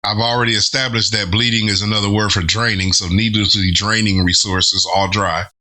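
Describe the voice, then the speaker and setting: Man, very bright voice, casual commentary, thinks aloud with restarts and chuckles. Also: lowish voice, steady tone, fairly quick. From not from Britain. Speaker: reaction video host. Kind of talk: casual commentary on song lyrics.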